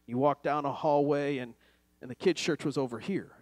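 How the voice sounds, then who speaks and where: A man preaching a sermon to a church congregation, telling a story and then building to loud call-and-response exhortation. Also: fairly high pitch, moderate pace, no room sound. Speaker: pastor.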